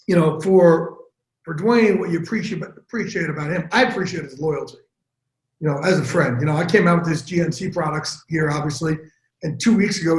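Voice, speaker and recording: A man telling stories as a guest in a casual, profane interview, animated and quick. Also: fairly high pitch, roomy sound, poor audio. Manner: animated, profane, fast-talking storyteller. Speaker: interview guest, sports broadcaster. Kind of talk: casual storytelling chat.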